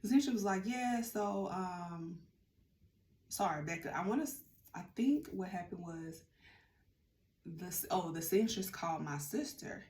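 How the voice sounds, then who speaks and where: A woman vlogger telling a casual storytime, chatty and animated, acting out what others said. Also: lowish voice, unhurried, slight background noise. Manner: chatty, animated, acts out quotes. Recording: roomy room with faint ambience.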